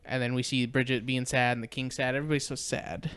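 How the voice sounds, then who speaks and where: A man co-hosting a podcast, casually retelling a movie plot in a rambling, animated way with fillers and quoted voices. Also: medium pitch, fast talker, smooth. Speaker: podcast co-host. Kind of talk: casual movie recap chat.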